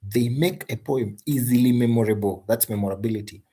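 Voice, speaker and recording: A man's voice: mid-range voice, a little fast, warm tone, husky. A man teaching an exam tutorial, stressing and repeating key points and asking rhetorical questions. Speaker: English teacher.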